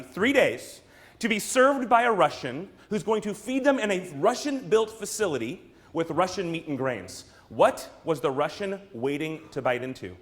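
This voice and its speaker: A high-pitched American man, a brand strategist and speaker, gives a punchy keynote to a room full of people. He fires rhetorical questions at the crowd and slips into theatrical asides, his voice staying lifted and expressive.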